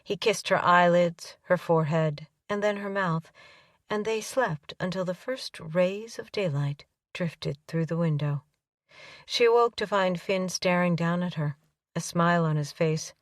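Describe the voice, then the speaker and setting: A woman narrating a romance audiobook in an even, unhurried storytelling manner. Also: lowish voice, no echo, studio quality, recorded from a distance.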